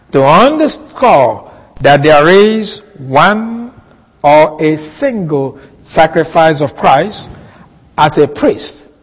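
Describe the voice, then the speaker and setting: A man teaching a Bible passage in a sermon, slow and deliberate, repeating key words for emphasis. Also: fairly high pitch, in a large hall, low-quality recording. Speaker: preacher.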